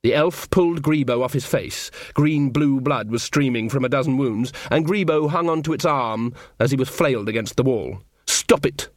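A man narrating a story in a wry, measured way. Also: medium pitch, no room sound, studio quality. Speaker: audiobook narrator. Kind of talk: scripted narration.

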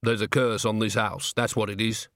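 A man's voice: fairly low pitch, flat delivery, moderate pace, a bit bright, no room sound, studio quality. A man voicing a worried, hesitant tavern keeper who stumbles over his words. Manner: hesitant, with ums.

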